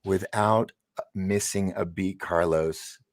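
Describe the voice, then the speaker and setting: Animated storytelling male talk-show host. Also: sits low, slow. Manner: animated storyteller, laughs and restarts often. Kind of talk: casual live interview chat.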